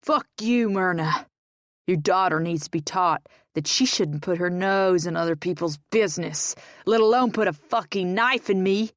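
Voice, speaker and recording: Lady voicing a drunk abusive man, snarly and crude, lowish voice, dry sound. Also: normal speed, no room sound, lightly acted. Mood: snarling.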